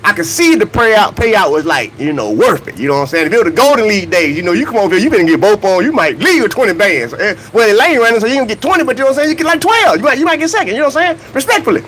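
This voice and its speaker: A man's voice: sits high, sing-song, very fast, few pauses, a bit bright, a little hiss or hum, rough recording. A man hosting a casual livestream vlog about track and field, greeting chat viewers by name and talking in loose slang. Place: outdoors near a hotel, humid weather.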